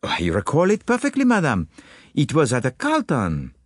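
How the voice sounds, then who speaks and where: A man's voice: medium pitch, huge pitch swings, normal speed, no room sound, clean studio sound, pitched above the performer's own voice. A man voicing a fussy, precise Belgian detective, courtly and mildly amused, in an audiobook.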